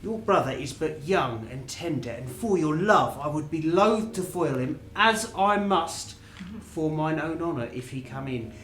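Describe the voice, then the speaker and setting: Guy doing an earnest wrestler, bit high voice, echoey room, faint guitar behind. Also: expressive, a little slow, a bit bright, a little hiss or hum. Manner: earnest, storytelling. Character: loyal wrestler bringing court news. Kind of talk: amateur stage acting.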